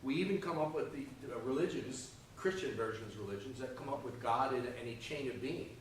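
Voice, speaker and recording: A man's voice: medium pitch, quick pace, recorded from a distance, slight background noise. Man teaching Sunday school in an echoey room. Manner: checks in often with "okay?" and "right?". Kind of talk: conversational Bible lesson. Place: church classroom.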